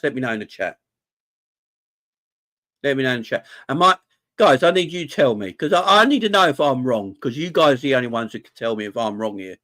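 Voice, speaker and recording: This football fan channel host has a medium-pitched, fairly bright voice. An adult married man with a wife and kids, he runs a live fan chat stream, speaking with passion and emotion and frequently repeating himself.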